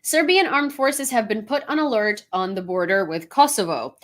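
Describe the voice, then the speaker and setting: A woman's voice: fairly high pitch, normal speed. A woman from Ukraine hosting a casual news commentary, talking in a frank, chatty and opinionated way.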